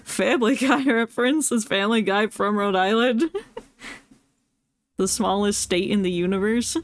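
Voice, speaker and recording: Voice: mid-range voice, moderate pace. Chatty Northeastern American streamer, laughing often. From United States, South and Northeast. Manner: chatty, laughs often, reads game text aloud. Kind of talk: casual let's-play chat.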